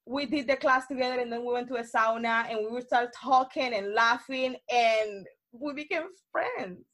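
Guest: young Colombian woman, Spanish-accented English, outgoing, animated storyteller who laughs a lot. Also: a little high, moderate pace, few pauses. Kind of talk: casual conversation.

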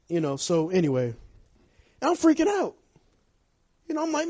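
A middle-aged male pastor preaching a sermon, telling stories with big swings from shouting to hushed confession. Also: high voice, wildly swooping pitch, moderate pace, long pauses, no echo.

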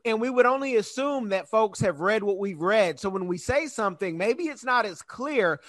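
A man hosting an interview, talking in an animated, chatty way and laughing easily. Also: high voice, no echo. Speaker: podcast host. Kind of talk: conversational interview.

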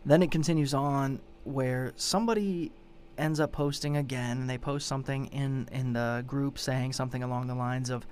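A man's voice: medium pitch, steady tone, moderate pace, a little mellow, a little hiss or hum. Cussing man recapping a crime story. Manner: profane, exasperated, rambling retelling. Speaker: show host. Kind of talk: casual true-crime recap.

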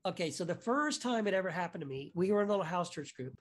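A man guest on a podcast, telling a story in a casual, animated way, full of restarts and "right?" asides. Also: high voice, fast. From United States.

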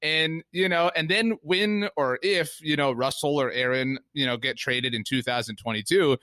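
Bright-voiced rambling podcast co-host. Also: male voice, on the high side, moderate pace, no room sound. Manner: rambling, many fillers, mimics players in quotes. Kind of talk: casual sports podcast chat.

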